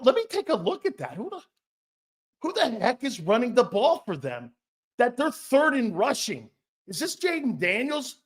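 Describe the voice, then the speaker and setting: A man hosting a sports talk stream, brash and profane, reading chat comments and firing back with loud outbursts and mocking asides. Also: very high voice. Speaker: sports talk show host.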